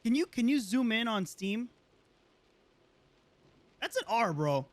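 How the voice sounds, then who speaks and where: A man's voice: very high-pitched, big pitch swings, slow pace, dry recording. A man streaming a game, talking casually with slang, swearing and lots of fillers as he plays. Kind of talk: let's play commentary.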